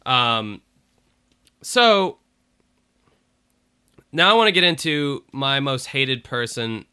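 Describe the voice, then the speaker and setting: A man from the Southern US, co-hosting a casual podcast chat, profane and animated, sometimes mocking a drawl. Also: medium pitch, takes it slowly, clean tone. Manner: profane, animated, mocks a drawl now and then. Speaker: podcast co-host.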